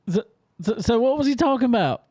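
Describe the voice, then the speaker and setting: A man's voice: very high voice, expressive, a little fast, a little mellow. A man co-hosting a casual chat, asking follow-up questions and laughing easily. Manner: easygoing, laughs often, asks follow-up questions. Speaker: podcast co-host.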